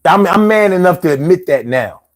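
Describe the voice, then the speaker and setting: A man's voice: high-pitched, lively intonation, normal speed. A man hosting a casual live show, telling stories in loose slang and laughing often. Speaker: show host.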